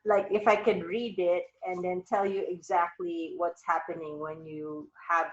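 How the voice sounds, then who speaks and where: Slow-talking chatty woman in an echoey room. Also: fairly low pitch, flat delivery, lo-fi sound. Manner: chatty, rambling, upbeat. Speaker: host of a live wellness chat. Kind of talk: casual chat. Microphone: video call.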